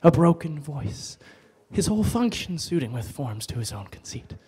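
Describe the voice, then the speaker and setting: A man performing a brooding, self-reproaching young prince as a stage soliloquy at a bookstore open mic, swinging between hushed lines and loud outbursts. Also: fairly high pitch, sing-song, moderate pace, breathy edge, heavily acted.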